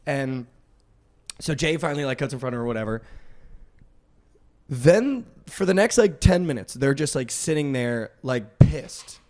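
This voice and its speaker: A young man with a somewhat high voice spins a long, rambling story about a night out. His talk is casual and loose. He stacks filler words everywhere. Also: expressive. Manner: rambling, heavy use of "like", quick swings in loudness. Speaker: podcast host.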